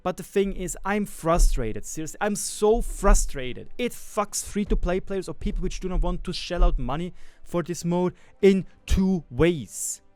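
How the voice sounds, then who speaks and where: A man's voice: high voice, normal speed, hardly any pauses, mellow, clear, resonant tone, dry recording. A man, a gaming video maker, ranting with frustration and swearing, repeating himself as he vents. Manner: frustrated, profane, repetitive ranting. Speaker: gaming YouTuber. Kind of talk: ranting commentary.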